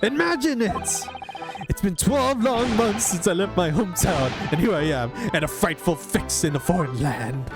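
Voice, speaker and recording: A man's voice: high-pitched, expressive, moderate pace, over music. A man voicing a theatrical young Japanese poet held in a prison cell, speaking in florid, alliterative outbursts while reading game dialogue aloud. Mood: overjoyed.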